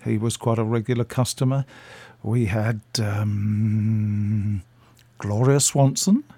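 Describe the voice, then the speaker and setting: A man's voice: lowish voice, fairly even intonation, slow pace, dark tone, slightly rough, dry recording. Older Englishman telling radio anecdotes. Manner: chatty, self-deprecating, acts out voices. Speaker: radio guest. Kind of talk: anecdotal storytelling.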